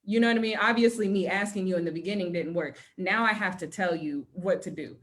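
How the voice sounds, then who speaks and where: A woman's voice: on the low side, quick pace, fairly bright tone. A woman co-hosting a casual panel talk show, speaking emphatically and reasoning her point through aloud. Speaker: podcast co-host.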